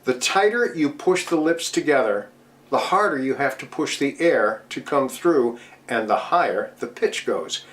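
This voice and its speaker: Speaking unhurriedly in an animated, fairly bright medium-pitched voice, a middle-aged man teaches voice technique to DJs at a virtual convention, with slight background noise. He explains with patience and uses his own voice for demonstrations.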